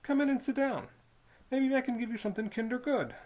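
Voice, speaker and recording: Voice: medium pitch, darkish tone, pitched above the performer's own voice, natural voice. A reader voicing a sly, rustic young male tollkeeper with a folksy drawl. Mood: coaxing. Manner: folksy drawl, slow and drawn-out.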